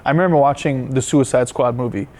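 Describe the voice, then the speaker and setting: A man's voice: mid-range voice, darkish tone. Enthusiastic male interview host. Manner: enthusiastic, quick affirmations. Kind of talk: interview conversation.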